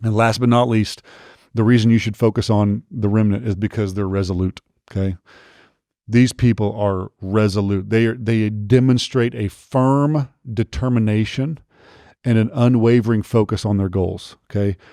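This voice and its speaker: A man's voice: fairly low pitch, fairly even intonation, moderate pace, dark tone, no room sound, studio quality. A man hosting a leadership podcast, speaking earnestly and urgently, repeating his points and checking in with "okay?". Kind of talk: motivational podcast monologue.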